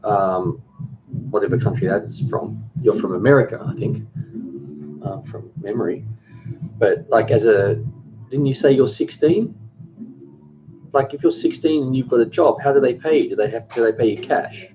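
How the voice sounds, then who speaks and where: A man's voice: lowish voice, moderate pace, pauses often. An Australian man in his forties hosting a cooking channel, chatting casually on a live stream, reading viewer comments aloud and often restarting his sentences. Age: 40s. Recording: dull lo-fi stream audio with music. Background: music.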